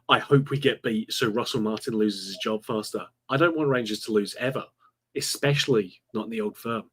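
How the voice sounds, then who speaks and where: A man co-hosting a football podcast, talking earnestly and with strong opinions. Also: medium pitch. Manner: earnest, opinionated, frustrated about the manager. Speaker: podcast co-host. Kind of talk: casual football podcast chat.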